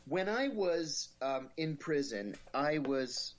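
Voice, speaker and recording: A middle-aged man talks as a guest on an interview show. His delivery is wry and lively, and he slips into little acted voices for the people in his stories. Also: a little high, slow pace, dull audio. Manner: wry, animated storytelling with quoted voices. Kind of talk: storytelling in an interview.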